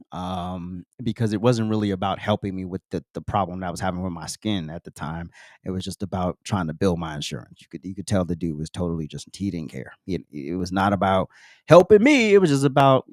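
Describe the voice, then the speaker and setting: A man's voice: sits low, no echo, studio quality. A man hosting a podcast, telling an earnest, reflective personal story with open emotion. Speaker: podcast host.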